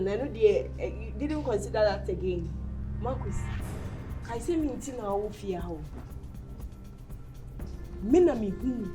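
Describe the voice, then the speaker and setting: A woman's voice: fairly high pitch, a little mellow. A woman with a Ghanaian accent acting as an upset young woman confronting her lover, pleading and accusing. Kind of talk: amateur drama acting.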